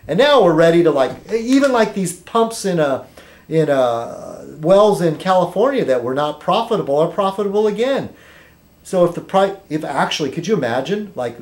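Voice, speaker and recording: A man vlogging, reading a news item aloud haltingly and then rambling through political commentary, tripping over foreign words. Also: a little high, a little mellow. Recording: echoey room.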